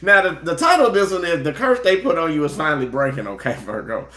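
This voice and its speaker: A man, a tarot reader chatting casually and giving shout-outs before a reading, laid-back and quick to laugh. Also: on the high side, sing-song. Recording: roomy echo.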